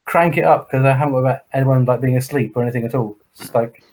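A man's voice: medium pitch, quick pace, darkish tone, rough recording. Sweary English man telling stories. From England. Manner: sweary storyteller, acting out others in voices. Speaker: podcast co-host. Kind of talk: casual podcast chat.

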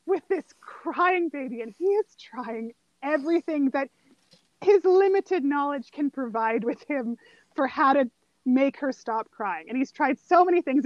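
Giggly high-voiced woman gushing. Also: no echo, dull audio. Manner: giggly, enthusiastic retelling of scenes. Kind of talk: casual chat about a favorite movie.

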